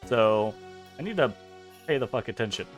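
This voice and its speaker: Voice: mid-range voice, lively intonation, normal speed, soft background music. A let's play host giving casual, rambling game commentary, swearing freely and laughing.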